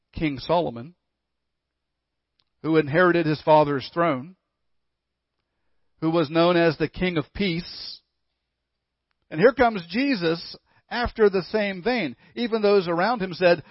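Male pastor, sermon, slow deliberate delivery, slightly high voice, dry dull recording. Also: dry recording. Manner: emphatic, with rhetorical questions and dramatic pauses.

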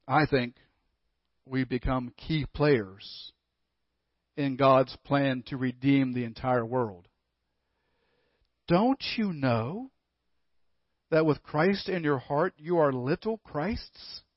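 A male pastor preaching a sermon emphatically, with rhetorical questions and dramatic pauses. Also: medium pitch, no room sound, muffled recording.

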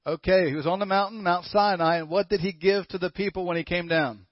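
A man's voice: high voice, fairly even intonation, a little fast, no echo, dull audio. A male pastor giving a sermon, quizzing the congregation conversationally and reading scripture aloud. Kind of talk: sermon with audience questions.

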